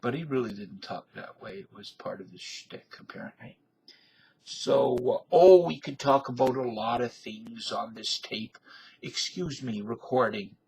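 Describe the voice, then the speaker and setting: A man's voice: medium pitch, unhurried, darkish tone, a little hiss or hum, poor audio. A man in his fifties with a folksy, digressive manner, talking to camera in a rambling casual monologue. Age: 50s. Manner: folksy, digressive, filler-heavy. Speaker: video blogger.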